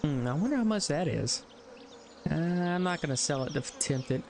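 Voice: medium pitch, expressive, moderate pace, a little mellow, a little hiss or hum. A gaming streamer giving live-stream commentary, muttering to themselves, counting aloud and swearing when things go wrong. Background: game music.

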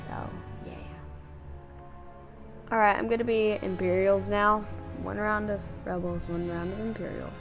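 A woman giving casual, playful gameplay commentary and taunting her opponents out loud. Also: mid-range voice, fairly even intonation, unhurried, gravelly, over music. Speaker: gamer.

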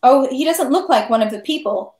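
A woman's voice: sits high, expressive, a little fast, a little mellow. A woman voicing a small, officious male interpreter in a storybook reading, in an echoey room.

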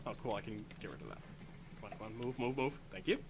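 A man playing a game with a friend, muttering to himself and breaking into loud outbursts. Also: on the low side, quick pace, gravelly, crowd noise. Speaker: co-op gaming commentator. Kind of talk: casual gameplay chat.

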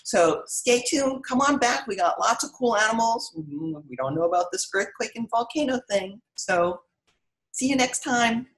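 Animated middle-aged woman storyteller. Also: on the high side, normal speed, low-quality recording. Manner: expressive, animated reading. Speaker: author reading her book aloud. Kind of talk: read-aloud storytelling and live-stream chat.

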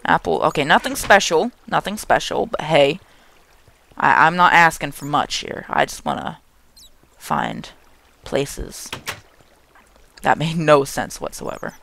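A young man hosting a gaming channel, giving jokey, excitable let's play commentary and talking to the game's monsters. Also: fairly high pitch, measured pace, creaky, long pauses.

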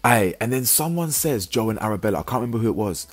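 A man's voice: lowish voice, animated, fast, slight background noise. A man with blunt, heavy talk and stumbling restarts, recapping a reality show episode in casual commentary. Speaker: reality TV reviewer.

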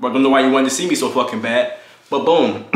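A young man casually telling a profane, animated story about his college roommate, acting out what people said. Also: moderate pace, roomy sound. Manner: animated, profane, acts out quotes in high voices. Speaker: storytime vlogger.

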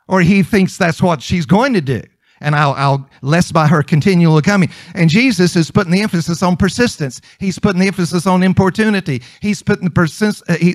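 Brief: male minister, high voice, conversational sermon with emphatic repetition. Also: dry recording. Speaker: preacher.

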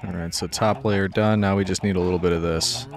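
Deep-voiced man, wry gameplay commentary. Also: steady tone, a little fast. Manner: dry, wry humor, talks to animals and pets. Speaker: gaming YouTuber.

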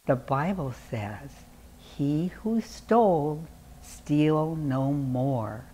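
A calm, gentle mother from a storybook tale, soothing and instructive, as a grandmother reads her part. The voice is low and unhurried. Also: a little hiss or hum, full character voice, poor audio.

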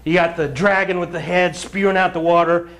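A preacher with a high-pitched male voice leads his congregation through scripture verse by verse. He tells the stories with lively energy, acting out scenes and laughing along the way. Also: a little fast. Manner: animated storyteller, acts out scenes and chuckles often; addresses the congregation directly, urging them to read along. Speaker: pastor. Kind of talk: sermon, verse-by-verse Bible teaching.

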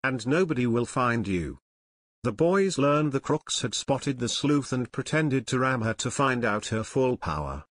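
A man narrating an audiobook in a steady, even storytelling manner, close to the mic. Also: medium pitch, measured pace, few pauses, no echo.

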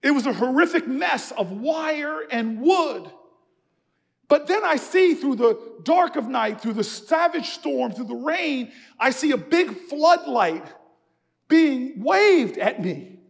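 A man delivers a keynote like a sermon, his very high voice carrying a gravelly edge. He moves from storytelling to rousing, shouted repetitions, and his words ring out through a long, echoing church hall. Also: very animated, takes it slowly. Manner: storytelling that builds to shouted, rhythmic refrains. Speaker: keynote speaker. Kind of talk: preacher-style keynote speech.

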